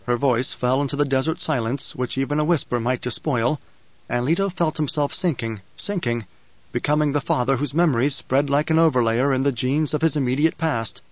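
A man narrates an audiobook from a script in a measured, even storytelling manner. His voice is mid-range, with no echo, in a dry, slightly dull studio recording.

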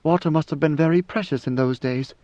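A man's voice: a little high, fairly quick, dark tone, no room sound, lightly acted. A man reading an audiobook and voicing a devoted, fearful young woman who speaks faintly and hesitantly. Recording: dull lo-fi dry recording.

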